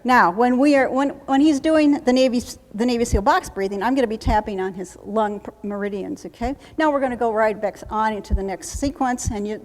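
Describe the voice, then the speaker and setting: A woman trainer leading a live workshop demonstration, coaching briskly and chanting phrases in steady repetition. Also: on the high side. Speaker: trainer teaching combat medics. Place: conference room. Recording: echoey hall from a live conference.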